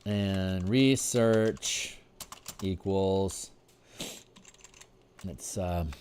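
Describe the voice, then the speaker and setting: Man, tired, game designer livestreaming, halting restarts, thinking aloud, keyboard typing behind. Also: deep voice, darkish tone, slight background noise. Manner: halting, restarts and repeats, says he is tired and yawning. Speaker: game designer streaming his work.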